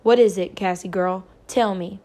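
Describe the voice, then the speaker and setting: Picture a stern, protective farm father in a storybook, scolding his children with a firm, weighty voice, as a woman reading aloud puts him on. The voice sits at a middling pitch for her. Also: fairly even intonation, normal speed, mellow, lightly acted. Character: stern angry father, a farmer.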